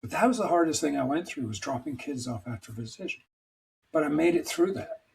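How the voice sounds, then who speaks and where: A man's voice: a little high, lively intonation, fairly quick, creaky, low-quality recording. Rambling middle-aged man, candid guest. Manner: rambling, emphatic, self-deprecating. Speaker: podcast guest. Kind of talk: candid conversational storytelling.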